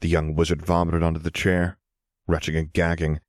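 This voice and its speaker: A man giving calm, measured audiobook narration. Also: low voice, no echo, clean studio sound.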